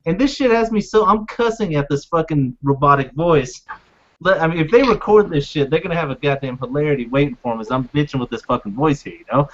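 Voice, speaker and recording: A man with a fairly high voice rants with exasperation as a podcast host, and he swears freely. The audio is dull and lo-fi. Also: quick pace. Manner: profane, exasperated storytelling. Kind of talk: casual podcast rant.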